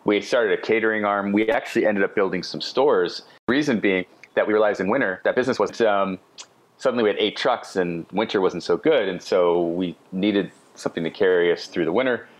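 A middle-aged man telling anecdotes as a podcast guest, casual and animated with chatty asides. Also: lowish voice, fairly quick. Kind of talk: casual storytelling.

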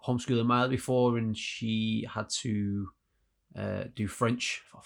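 A man's voice: on the low side, steady tone, a little slow, gravelly. Male podcast co-host, blunt, dry jokes, casual. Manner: blunt, dry humour, swears. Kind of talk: casual chat.

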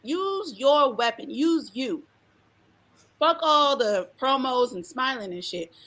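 A woman's voice: high voice, expressive, slow pace, fairly bright tone. A woman co-hosting a casual wrestling chat, blunt, profane and mocking. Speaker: podcast co-host.

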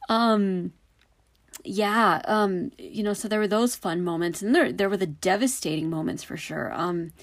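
Woman, thirties, chatty storyteller; filler-heavy, fond, animated; mid pitch. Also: a little slow. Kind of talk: casual personal storytelling.

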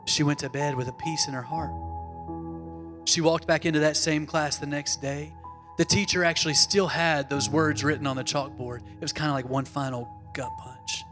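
A man, a pastor, preaching a sermon and telling a story with dramatic emphasis, acting out the voices of the people in it. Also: medium pitch.

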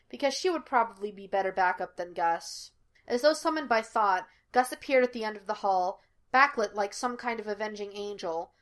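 A woman narrating a fan fiction audiobook in a steady storytelling manner. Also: mid-range voice. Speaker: audiobook reader.

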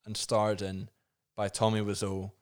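A male podcast co-host in casual comedic chat, laughing and animated as he recaps. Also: fairly low pitch, unhurried, clean tone.

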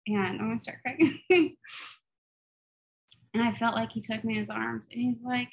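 Female podcast co-host, animated storyteller, earnest in prayer. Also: a little high, normal speed, gravelly, long pauses, poor audio. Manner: animated storytelling, laughs often, turns soft and earnest in prayer. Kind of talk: faith podcast chat and prayer.

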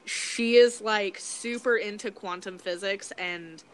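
A woman hosting a podcast, chatting casually and backing up her guest with quick replies. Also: medium pitch, a little hiss or hum. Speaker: podcast host. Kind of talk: casual chat.

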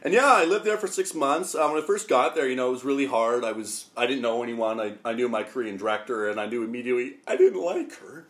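A young man from Calgary with a Canadian accent recounts his years abroad in a relaxed, conversational way. His delivery is animated and jokey. He swears casually as he goes. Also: medium pitch, quick pace, hardly any pauses. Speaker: guest. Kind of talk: casual storytelling chat.

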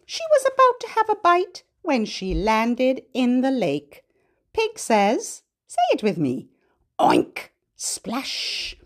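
A woman hosting a baby podcast, singing rhymes and reading a picture book aloud in a sing-song storytime voice with animal sounds. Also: on the high side. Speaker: podcast host reading to babies.

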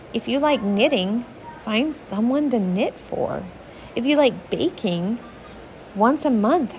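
Woman podcaster giving an earnest pep talk, mid pitch, bit of hiss behind. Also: a little mellow, poor audio. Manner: earnest, encouraging, direct address to listener. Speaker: podcast host. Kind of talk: motivational podcast monologue.

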